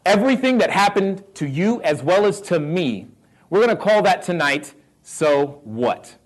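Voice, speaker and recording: Middle-aged Southern American man, fairly high-voiced motivational speaker who works the crowd with questions and laughs. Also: normal speed, slightly rough. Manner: animated, questions the audience, laughs often. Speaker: real estate investor speaking to a live audience. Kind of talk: motivational talk.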